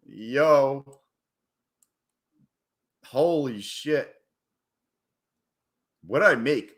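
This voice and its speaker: Excitable man with a bright voice. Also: fairly high pitch, extremely slow, pauses often. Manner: excitable, profane, hypes up his wins; rambling and casual. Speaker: day trader streaming live. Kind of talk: live stream chat.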